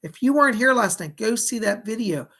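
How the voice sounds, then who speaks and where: A hoarse man, who says he is losing his voice, giving live-streamed psychic readings in a chatty, folksy way and thanking viewers by name. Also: high voice, animated, a little fast, sharp tone, poor audio. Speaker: psychic medium.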